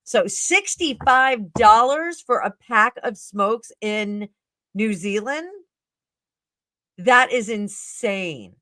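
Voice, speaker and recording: A woman's voice: a little high, expressive, slow, sharp tone, no echo. A middle-aged woman hosting a live tarot stream, chatting casually and rambling with fillers and self-corrections.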